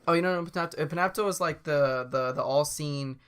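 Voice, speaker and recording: A man's voice: a little high, fast talker, a bit bright, clean tone. A man co-hosting a podcast in casual chat, rambling with lots of fillers and restarts. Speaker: podcast co-host.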